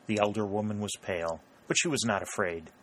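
Low-voiced man narrating a novel. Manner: measured, even storytelling. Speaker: audiobook narrator.

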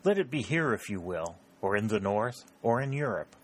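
A man's voice: fairly low pitch, sing-song, moderate pace. A man reading a proud, ardent male secretary who pleads his love in an audiobook.

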